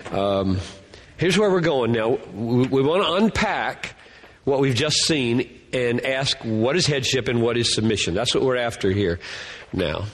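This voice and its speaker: A man's voice: mid-range voice, expressive, unhurried, in a large hall. A man giving a Bible lecture to a class, thinking aloud and earnestly repeating key words. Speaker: Bible teacher.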